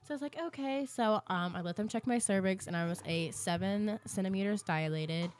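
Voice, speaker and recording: A young woman co-hosting a podcast, chatty and animated as she retells a story with many fillers. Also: medium pitch, brisk, a little hiss or hum. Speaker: podcast co-host. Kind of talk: casual storytelling chat.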